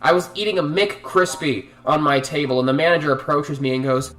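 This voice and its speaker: A man's voice: fairly high pitch, fairly quick, few pauses, fairly bright tone, distant mic. A young man narrating a storytime vlog in a profane, exasperated, dramatic way. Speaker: vlogger telling a story.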